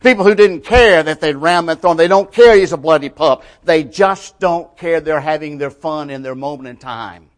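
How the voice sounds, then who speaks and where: A man's sermon, in plain colloquial grammar, swings from loud emphatic passages to hushed, almost whispered lines. His voice is a little high, at normal speed with few pauses.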